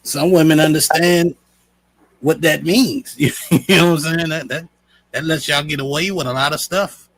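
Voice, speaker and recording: A man hosting a live stream, casual and slangy, shouting out viewers. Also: a little high, steady tone, moderate pace, no room sound, low-quality recording. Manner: laid-back, slangy, says "you know what I'm saying". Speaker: show host.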